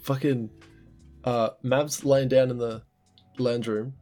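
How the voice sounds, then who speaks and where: A man's voice: mid-range voice, steady tone, slow, dark tone, soft background music. A man co-hosting a casual podcast, rambling and laughing as he talks about his kids. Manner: laid-back, rambling, laughs often. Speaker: podcast co-host. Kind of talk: casual chat.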